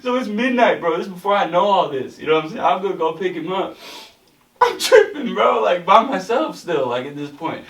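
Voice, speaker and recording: Man telling a wild story, roomy mic. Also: a little high. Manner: animated, profane, peppered with "bro". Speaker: podcast co-host. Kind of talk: casual storytelling. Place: podcast studio. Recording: roomy sound from a distant mic.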